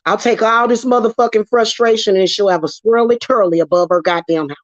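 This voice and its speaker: A woman's voice: medium pitch, a little fast, dry recording. A woman venting in a casual vlog, heated and emotional, swearing freely as she talks about spiritual work. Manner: heated, profane, emotional ranting. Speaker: witchcraft vlogger. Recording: dull, dry lo-fi sound.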